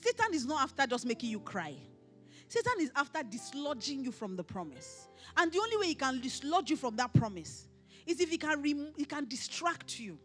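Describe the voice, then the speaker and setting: A middle-aged woman pastor with a Nigerian accent, preaching emphatically at a conference and often raising her voice to a shout. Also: high-pitched. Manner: emphatic, animated preaching with rising shouts and mimicry. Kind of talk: conference sermon. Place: conference hall.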